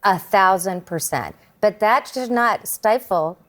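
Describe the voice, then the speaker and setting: A woman's voice: medium pitch, takes it slowly, fairly bright tone. A woman on a TV news panel, asking pointed, challenging questions. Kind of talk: TV panel debate.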